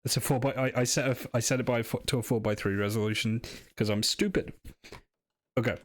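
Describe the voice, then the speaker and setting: A man's voice: medium pitch, fairly even intonation, fast talker. Chatty British male game streamer. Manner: chatty, self-deprecating, explains history. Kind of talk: casual live-stream commentary.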